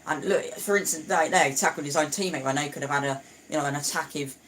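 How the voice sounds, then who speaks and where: A man's voice: a little high, quick pace, fairly bright tone, a little hiss or hum. A young man chatting through a live football match, opinionated, stumbling and restarting often. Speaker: football watchalong streamer. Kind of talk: casual live match commentary.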